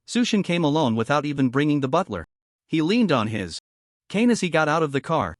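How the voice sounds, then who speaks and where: A man narrates a story recap in a fairly high voice that swoops up and down, keeping the telling lively. The sound is close and dry, with no room around it. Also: no room sound.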